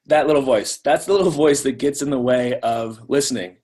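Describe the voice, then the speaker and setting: A man's voice: medium pitch, a little fast. A man giving a live online training talk in a conversational way, often repeating words as he restarts.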